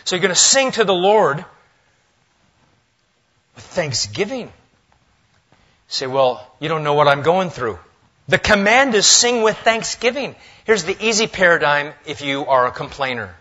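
A male pastor preaching a sermon in a church, lively and swinging between loud, emphatic lines and hushed asides. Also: on the high side, a little slow, pauses often, muffled recording. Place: church sanctuary.

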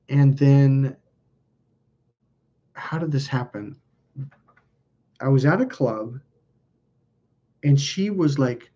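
A man's voice: mid-range voice, warm tone, dull audio. A man hosting a live stream, telling stories in a blunt, profane, self-mocking casual chat. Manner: blunt, profane, laughs at himself.

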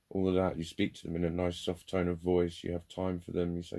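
A man's voice: deep voice, completely flat delivery, fast talker, gravelly, hardly any pauses, mellow. A man talking in a candid, rambling monologue, swearing freely and joking at his own expense. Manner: rambling, sweary, self-deprecating. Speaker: vlogger.

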